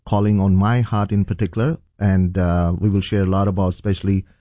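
A man's voice: sits low, flat delivery, fairly quick, dark tone, no room sound, clean studio sound. A middle-aged man from Pakistan, a pastor, earnestly telling his personal testimony as an interview guest. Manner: earnest, storytelling.

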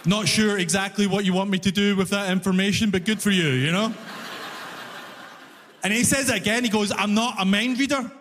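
A young man performing a stand-up comedy set, telling an animated story and loudly acting out his own frustration. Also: sits high, a little fast, long pauses, long reverb tail, noisy background. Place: comedy club stage before a live audience.

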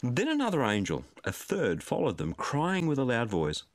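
Male preacher, lively rising and falling delivery, dry close sound, earnest and pleading. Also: mid-range voice, moderate pace, no room sound. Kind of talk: sermon.

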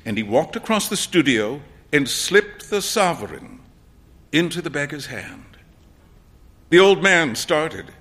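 Expressive man reading a story. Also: on the high side. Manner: expressive, acts out dialogue. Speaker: narrator.

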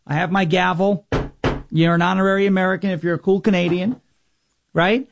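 Gravelly-voiced mocking male talk host. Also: high voice, fairly even intonation, fairly quick, noisy background. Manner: mocking, sarcastic, mimics opponents in whiny voices. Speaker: radio and podcast host. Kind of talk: casual commentary monologue. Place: Tennessee.

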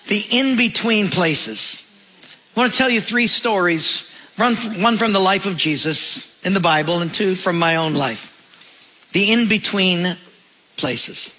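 High, bright-voiced male pastor preaching. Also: rough recording. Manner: storytelling with acted voices and humor. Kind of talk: sermon.

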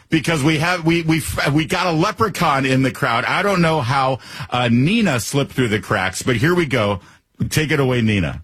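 A male talk radio host giving lively, mocking commentary and reading ads. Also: medium pitch, normal speed, husky, no room sound.

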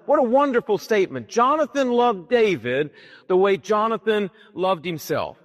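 A man's voice: sits high, expressive, moderate pace. A male pastor preaching a sermon, telling a Bible story emphatically and dramatically. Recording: long hall reverb.

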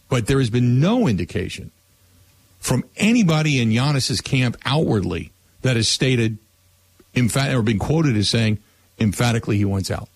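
A man's voice: medium pitch, breathy edge, no echo. A man hosting a sports talk radio show and taking calls, talking casually and repeating words as he starts his sentences.

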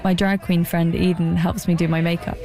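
A woman's voice: on the low side, level tone, normal speed, over a noisy crowd. A young adult woman narrating her own story in a dry, self-mocking, scripted way. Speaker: narrator and drag performer.

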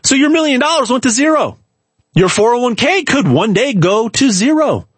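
A man giving an emphatic, hard-selling pitch straight to the viewer, repeating words and restarting often. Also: very animated, normal speed, husky, no room sound. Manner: emphatic, repetitive, stumbles and restarts. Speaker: gold sales pitchman. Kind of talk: direct-to-camera sales pitch.

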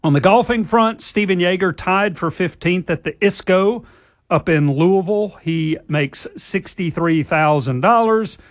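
A man's voice: sits high, measured pace, no echo, clean studio sound. A man hosting a casual sports talk show, reading the headlines and chuckling at his own slips. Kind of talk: casual sports radio chat.

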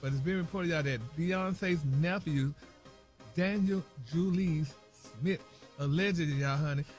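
Male radio gossip reporter, higher voice, slow and whispery, drops endearments every few words. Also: soft background music. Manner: slow, whispery, tiptoeing delivery; sprinkles in endearments constantly. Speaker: celebrity gossip reporter on a radio morning show. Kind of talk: radio morning show gossip segment. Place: radio studio.

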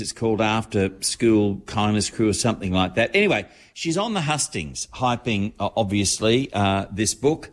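Chatty male showbiz correspondent. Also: mid-range voice. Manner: chatty, storytelling. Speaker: entertainment correspondent. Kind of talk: casual radio chat.

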